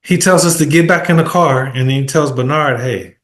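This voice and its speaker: A man hosting a casual interview podcast, telling a story in an animated way and acting out the quotes. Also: on the high side, brisk. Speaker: podcast host. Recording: echoey room.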